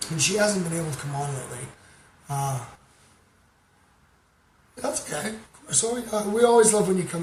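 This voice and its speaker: A talkative man from Canada chatters his way through a livestream, stopping to greet viewers by name. He rambles and fills his pauses with "um". The room sounds hollow, with a steady hum of noise behind him. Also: on the high side. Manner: rambling, talkative, many fillers. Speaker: livestream host. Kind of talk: casual livestream chat with shout-outs. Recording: roomy sound with background noise.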